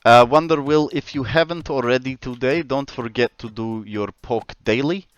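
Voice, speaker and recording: Faint music plays behind an Australian gamer who jokes and chats with his viewers during a casual livestream. He talks at normal speed in a smooth, mid-range voice, and the recording is dry and dull.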